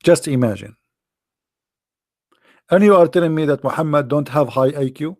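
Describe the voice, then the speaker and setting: Gravelly man with a mocking tone. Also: a little high, normal speed, darkish tone, no room sound, clean studio sound. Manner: mocking, theatrical, with mock sneezes and sung lines. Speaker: online religious commentator. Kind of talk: sarcastic monologue.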